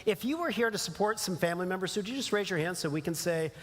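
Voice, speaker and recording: High-voiced man preaching in a reverberant hall. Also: animated, fast talker, background noise. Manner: conversational, with filler words and restarts. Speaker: pastor. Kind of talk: sermon. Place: church sanctuary.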